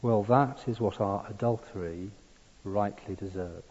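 A man's voice: fairly low pitch, unhurried, a little mellow, slightly rough. Man preaching in an echoing hall. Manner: earnest, building to emphatic peaks. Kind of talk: sermon. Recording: dull sound in a long-reverb hall.

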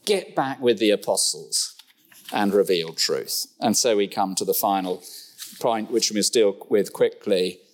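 Middle-aged guy preaching a sermon in church, jokey asides, pitch jumps all over. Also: measured pace, a little hiss or hum. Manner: lively, humorous asides and sudden pitch jumps.

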